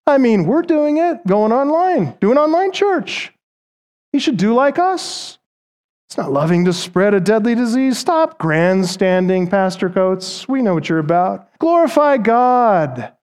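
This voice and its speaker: A self-righteous male preacher lectures a fellow pastor in a high, lilting voice, each word drawn out with mock piety. He sounds smug and condescending, as a man preaching a sermon puts him on. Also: big pitch swings, darkish tone, heavily acted. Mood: sanctimonious. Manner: mocking, sanctimonious, drawn-out.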